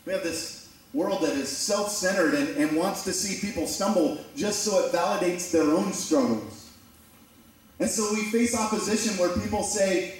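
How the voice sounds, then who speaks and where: High-voiced preacher in an echoey church. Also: male voice, normal speed. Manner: conversational preaching with dramatized quotes. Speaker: pastor. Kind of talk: sermon. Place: church sanctuary. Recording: very echoey church from a distant mic.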